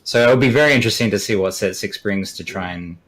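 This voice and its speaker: A man co-hosting a casual gaming podcast, laying out his views in a measured, analytical way. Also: fairly low pitch, a bit bright. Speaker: podcast co-host.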